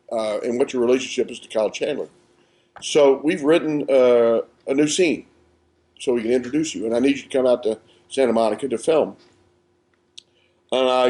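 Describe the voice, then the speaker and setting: A man, an actor guest, telling set stories with animated delivery and acting out quotes, recorded at a live podcast in a small theatre. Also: mid-range voice. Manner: animated, acts out quotes with laughter. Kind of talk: casual anecdotal storytelling.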